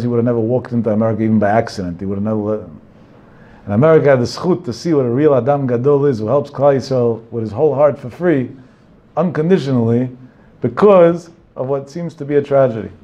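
A man's voice: medium pitch, dark tone, dull audio. A man giving a religious talk, telling anecdotes in a digressive way with Hebrew terms mixed in. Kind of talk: Torah talk with storytelling.

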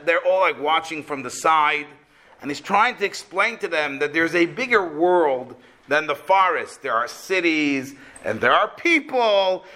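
A high-pitched man gives a storytelling religious lesson, animatedly retelling a tale before pressing its moral home. His voice is bright and forceful. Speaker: religious teacher.

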